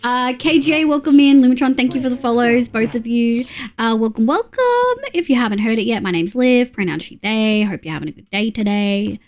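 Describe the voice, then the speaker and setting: A young woman from Australia, streaming a game and chatting with her viewers in a loose, casual way. Her voice sits a little high for a woman, and she swears freely and yelps at sudden scares. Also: brisk, few pauses. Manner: chatty, swears often, reacts loudly to jump scares. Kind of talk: casual gaming livestream chat.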